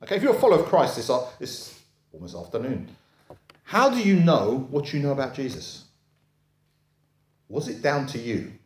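A man's voice: medium pitch, sing-song, normal speed, pauses often, a little mellow. A man preaching a sermon in a conversational way, often checking in with his listeners. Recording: echoey room.

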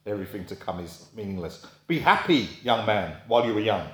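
Preacher in an echoey room. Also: male voice, animated, brisk, a bit bright. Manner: conversational storytelling with rhetorical questions; acts out quoted voices in a high pitch. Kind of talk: sermon.

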